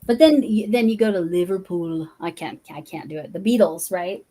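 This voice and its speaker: A woman's voice: on the low side, moderate pace, warm tone. A woman from Colorado hosting a casual crafting livestream, rambling with many restarts and fillers. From Colorado, USA. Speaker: livestream host. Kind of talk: casual chat while crafting.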